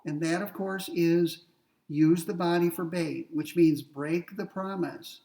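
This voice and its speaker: Man, philosophy lecturer, gravelly voice, methodical, rhetorical questions, distant mic. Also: on the high side, steady tone, slow pace, dark tone. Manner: methodical, repeats key points, asks rhetorical questions. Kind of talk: recorded ethics lecture.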